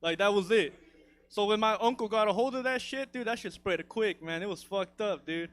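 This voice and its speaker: A man's voice: high voice, moderate pace, a bit bright. A man telling a story in a stand-up set, rambling and profane and full of "dude" and "you know". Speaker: stand-up comedian.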